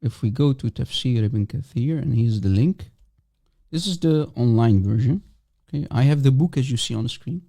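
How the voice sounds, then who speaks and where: A man's voice: mid-range voice, animated, normal speed, vocal fry, mellow. A man hosting a casual livestream, mocking and provocative, teasing and repeating himself as he calls for guests. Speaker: livestream host.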